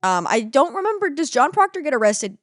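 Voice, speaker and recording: Animated, swearing young woman podcaster. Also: high voice, no echo, studio quality. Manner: swearing, animated, acts out characters in quick voices. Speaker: podcast co-host. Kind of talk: casual comedic recap chat.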